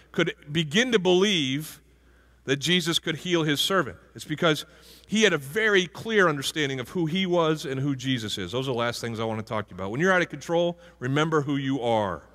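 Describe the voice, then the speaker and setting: A man's voice: on the high side, sharp tone. A male pastor giving a conversational sermon and asking the congregation questions. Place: church sanctuary. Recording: hall reverb from a church.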